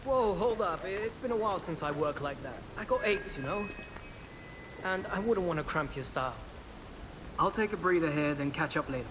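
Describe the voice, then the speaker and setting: A man's voice: high-pitched, animated, moderate pace. An actor playing a weary older male laborer in a video game, talking in a tired, easygoing way. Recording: game audio with clear rain noise.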